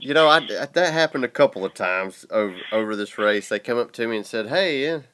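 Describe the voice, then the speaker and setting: A man with a Southern US accent hosts a podcast in relaxed, chatty fashion. His voice is smooth and clear even with a stuffy, congested nose. He drawls along easily, often chuckling. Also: lowish voice, brisk. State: congested from a sinus infection. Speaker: podcast host. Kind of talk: casual chat.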